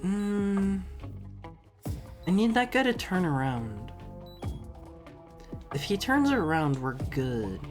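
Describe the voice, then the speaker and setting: A male streamer with a slightly raspy sick voice, commentating his own gameplay live, excitable, stammering and yelping when he panics. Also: sits high, slow, pauses often, over music. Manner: excitable, yelps and panics, stammers and restarts often.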